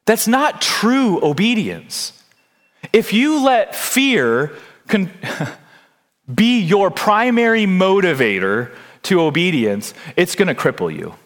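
A man preaching a sermon as a pastor, earnest, putting questions to his congregation. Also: medium pitch.

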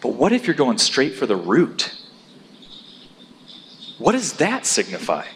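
A man preaching a sermon in an animated way, rising to loud, emphatic peaks as he drives his points home. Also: mid-range voice, unhurried, slight background noise. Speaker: pastor. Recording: long hall reverb.

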